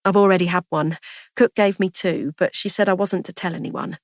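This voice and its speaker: A woman reading a story, voicing a kind, impulsive young woman who speaks in a lively, affectionate way. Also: on the low side, fairly quick, no echo, studio quality, natural voice. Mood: warm.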